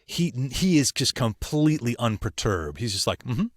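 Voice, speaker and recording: A voice actor appearing as a podcast guest tells lively stories about studio work, laughing and performing the voices of the people he quotes. His voice is medium-pitched at a moderate pace, with no echo, in an animated conversational storytelling style.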